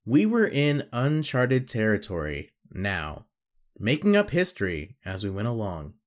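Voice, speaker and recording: A man's voice: fairly low pitch, wildly swooping pitch, unhurried. A man hosting a casual podcast quiz, reading out quotes and teasing his guests. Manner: joking, teasing.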